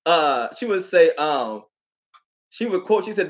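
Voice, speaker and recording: A man's voice: fairly high pitch, measured pace. Man chatting on a stream, voice jumps all over, kinda muffled audio. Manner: animated storytelling, repeats phrases. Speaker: host. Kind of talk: casual livestream talk.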